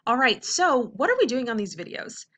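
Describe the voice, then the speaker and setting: Upbeat woman teacher, crisp bright voice, sounds out words slowly for kids. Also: fairly high pitch, very animated. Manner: upbeat, checks in with frequent "okay?"; slows to sound out words carefully. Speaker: reading teacher. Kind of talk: classroom video lesson.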